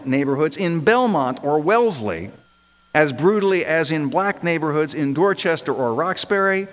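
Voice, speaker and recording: A man's voice: fairly high pitch, a bit bright, poor audio. A man, a minister, delivering an impassioned sermon built on rhetorical repetition.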